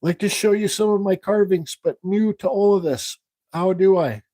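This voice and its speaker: This man's voice is high and mellow, moving at a normal speed in a dry recording. Hosting a live carving stream, he chats casually and rambles while working, thinking out loud and reading viewer questions aloud before answering them.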